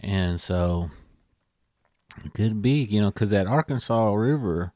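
A man co-hosting a podcast, telling a story in a rambling, halting way with many fillers. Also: on the low side, animated, dark tone, no echo, clean studio sound. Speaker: podcast co-host. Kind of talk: casual storytelling chat.

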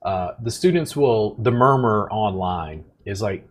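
A man's voice: mid-range voice, big pitch swings, moderate pace, hardly any pauses. A man in his forties hosting a podcast, talking bluntly and matter-of-factly, acting out the people he quotes. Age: 40s. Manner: blunt, matter-of-fact, acts out quoted voices. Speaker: podcast host and massage instructor. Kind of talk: casual podcast chat.

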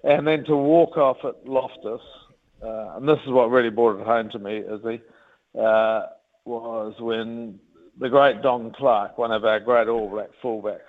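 A man in his fifties from New Zealand with a New Zealand accent, telling rugby stories as an interview guest in a rambling, animated way. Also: mid-range voice, unhurried. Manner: rambling, animated, many restarts. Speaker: guest, former rugby captain. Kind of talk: casual interview storytelling. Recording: tinny phone-like line.

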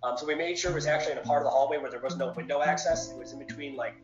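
A man, a paranormal society owner, casually telling his ghost-hunting stories in an interview, animated with many fillers. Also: medium pitch, rapid-fire, roomy sound, lo-fi sound, loud music behind the voice.

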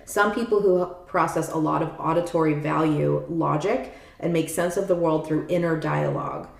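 Low-voiced chatty woman explaining. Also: steady tone, normal speed, creaky, echoey room. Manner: chatty, leans on "like" and frequent check-ins. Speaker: podcast co-host explaining a topic. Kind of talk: casual explanatory chat, reading passages aloud.

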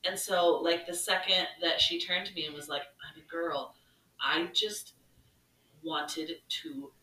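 A woman in her thirties with a low but bright, forceful voice, telling teacher stories as a podcast co-host. She talks animatedly and acts out the lines she shouted. The sound is roomy and a little off the mic. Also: a little slow, recorded from a distance. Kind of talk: casual storytelling chat.

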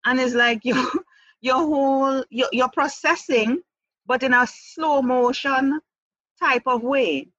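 Speaking slowly in a high, slightly bright voice, an adult mother gives candid personal testimony as an interview guest about her own life. She is earnest, restarts and repeats words, and laughs lightly. The recording is muffled but has no echo.

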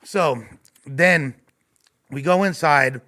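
A man telling a long, profane story on a podcast, animated, with lots of fillers and restarts. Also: on the high side, drawn-out words. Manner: animated, swears a lot, many fillers and restarts.

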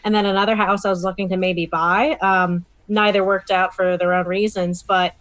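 A woman's voice: medium pitch, little pitch movement, normal speed, a bit bright, no room sound. A woman in casual chat, reacting and telling a story in a talkative way.

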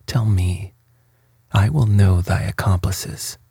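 A domineering, wrathful prince from a gothic storybook, as a male narrator reads him. The voice stays low and deeply breathy, with dark, mellow tone and a flat, unhurried rhythm. It is recorded dry and close. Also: no echo, heavily acted. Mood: angry. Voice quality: hushed, breathy. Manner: slow, even storybook delivery. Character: wrathful tyrant prince, middle-aged man.

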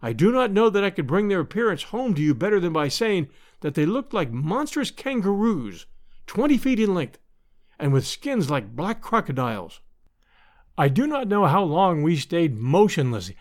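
A male audiobook narrator reads an adventure novel aloud, measured yet expressive. His fairly high voice moves with lively, wide-ranging intonation.

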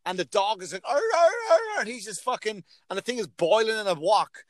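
Animated, foul-mouthed man in dry sound. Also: high-pitched, fast talker, dry recording. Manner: animated, swearing, loud acted outbursts. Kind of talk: casual profane chat.

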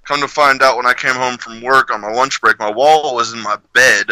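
A man's voice: mid-range voice, steady tone, fairly quick, bright, forceful tone, dry recording, rough recording. A man co-hosting a podcast, telling rowdy stories in casual chat, swearing freely and laughing often. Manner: loose storytelling with heavy profanity and laughter. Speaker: podcast co-host.

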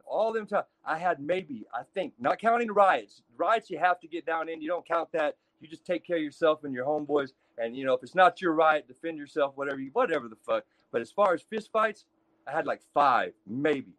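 A man from Texas telling prison stories in a casual, profane, animated way, acting out the people in them. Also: on the high side, brisk, dry recording. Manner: profane, animated storyteller acting out other inmates. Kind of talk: casual storytelling.

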